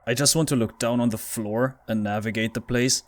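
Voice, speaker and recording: A man's voice: medium pitch, fairly even intonation, fairly quick. A frightened man commentating a horror game playthrough, pleading with the game and talking to himself. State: scared, shaky. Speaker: gaming YouTuber.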